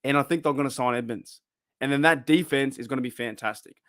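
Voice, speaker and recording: A man's voice: mid-range voice, quick pace, fairly bright tone, no room sound, studio quality. A man with an Australian accent hosting a fan live stream, chatting casually, laughing often and trailing off into restarts. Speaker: fan channel host.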